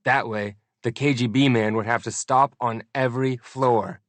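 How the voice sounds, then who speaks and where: A man narrating a first-person audiobook in an expressive, deliberate storytelling manner. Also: mid-range voice, no room sound.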